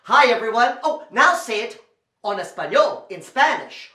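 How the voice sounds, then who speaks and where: A man hosting a lively show for children, bouncing all over his pitch with big, playful exaggeration. His voice is bright and ringing, and the recording carries a roomy echo. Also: measured pace. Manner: animated, playful, exaggerated kid-show delivery. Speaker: children's entertainer and storyteller. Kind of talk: lively performance for children at home.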